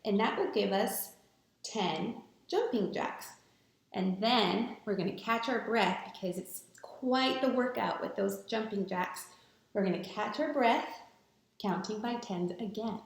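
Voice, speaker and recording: A woman teaching a recorded math lesson to students, talking in a slow, patient, encouraging way. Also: medium pitch, vocal fry. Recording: echoey room.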